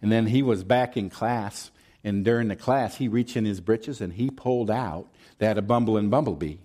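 A man's voice: lowish voice, moderate pace, warm tone, close to an everyday voice. A male pastor slipping into a Southern US accent to tell a folksy schoolboy story in his sermon. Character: folksy Southern storyteller, a preacher's drawling yarn voice.

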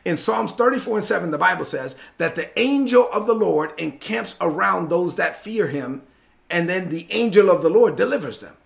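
A man's voice: high-pitched, expressive, normal speed, vocal fry. A man preaching a sermon in an emphatic, repetitive cadence.

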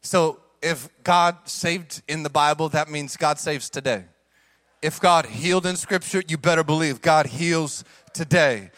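Pastor, young man, high voice, dry close sound, animated sermon with slangy asides. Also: unhurried, no echo. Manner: animated preaching, swings between hushed asides and shouted emphasis; casual slang asides to congregation.

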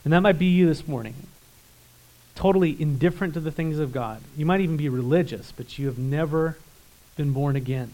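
A male pastor preaching a sermon, emphatic, swinging between loud urgency and quiet intensity, and putting rhetorical questions to the congregation. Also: a little high, brisk, rough recording.

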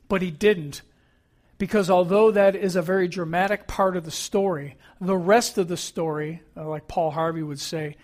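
Guy pastor preaching, chatty storytelling, fairly high voice. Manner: conversational storytelling. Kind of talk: sermon.

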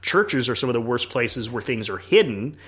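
Man, church leader on a chat podcast; earnest, animated, middle pitch, acts out little scenes. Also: normal speed, slightly rough. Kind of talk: casual podcast conversation.

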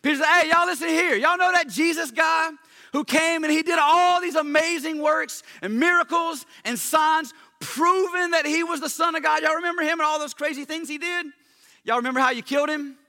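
A man voicing the apostle Peter as a bold, fired-up male preacher, loud and emphatic in a slangy retelling. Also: very high voice, racing, gravelly, hardly any pauses, pitched above the performer's own voice, exaggerated voice.

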